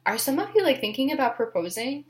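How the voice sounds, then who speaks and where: A woman's voice: sits high, very animated, fast talker. A young woman reading tarot cards in a casual vlog, emotional and giggly, with many fillers. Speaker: tarot reader.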